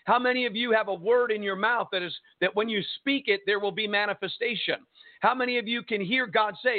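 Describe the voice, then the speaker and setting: Emphatic radio preacher, high voice, thin phone-line sound. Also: male voice. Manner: emphatic, drawn-out preaching with rhetorical questions. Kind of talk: radio sermon. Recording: tinny phone-line broadcast.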